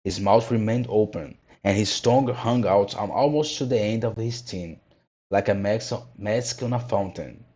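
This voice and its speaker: Man, storybook read-aloud, measured, mellow, husky voice. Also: fairly low pitch. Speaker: narrator.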